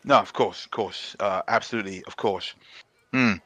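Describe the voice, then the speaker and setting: A man's voice: on the low side, moderate pace, a bit bright, dry recording. A man playing a polite, fussy constable in a tabletop game. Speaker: player. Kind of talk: tabletop role-play.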